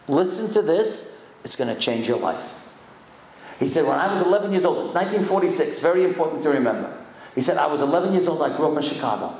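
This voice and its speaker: An older rabbi with a creaky, somewhat mellow mid-range voice gives a sermon in an echoey hall before his congregation. He's an impassioned storyteller who presses his listeners with rhetorical questions.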